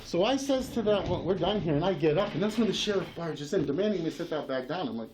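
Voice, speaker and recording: Agitated high-voiced man arguing. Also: animated, quick pace, over a noisy crowd, low-quality recording. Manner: agitated, insistent, repeats himself and talks over others; profane. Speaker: channel owner confronting a sheriff. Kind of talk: heated face-to-face argument.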